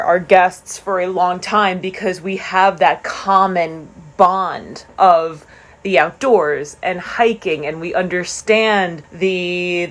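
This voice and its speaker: Co-host: woman, low-ish pitch, slow delivery, casual and stumbling. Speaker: podcast co-host. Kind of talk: casual chat.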